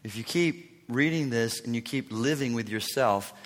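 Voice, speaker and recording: A man in his fifties preaching a sermon as pastor, swinging from loud emphatic lines to hushed, near-whispered asides. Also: mid-range voice, normal speed, long reverb tail. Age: 50s.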